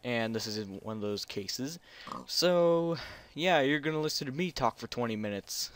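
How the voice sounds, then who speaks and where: A man's voice: medium pitch, unhurried, clean tone, dry recording. A man hosting a casual video game let's play, talking through what he sees in a rambling, unsure, self-deprecating way. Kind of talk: casual gameplay commentary.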